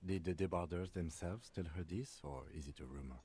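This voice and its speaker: An actor playing a calm, terse police lieutenant in a detective game. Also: male voice, sits low, fairly quick, slight background noise, natural voice.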